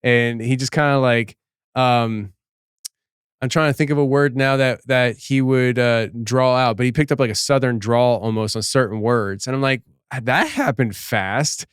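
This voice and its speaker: A smooth, clear-voiced man from Philadelphia hosts a casual podcast interview, chatty and quick to laugh. The recording is dry and close, with no room sound. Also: medium pitch, fairly even intonation, no room sound. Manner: chatty, laughs often, repeats and restarts. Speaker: podcast host.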